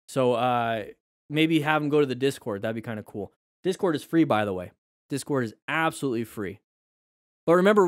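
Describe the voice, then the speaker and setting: A man's voice: mid-range voice, no room sound. A man and riding instructor giving casual, joking commentary over motorcycle videos and talking straight to his viewers.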